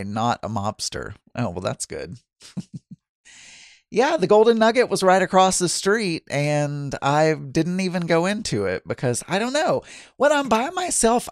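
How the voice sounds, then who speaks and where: A man's voice: a little high, no echo, studio quality. A man from Arkansas hosting a casual solo podcast, reading listener messages aloud in a chatty, self-deprecating way. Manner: chatty and self-deprecating, with frequent laughs and restarts. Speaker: podcast host.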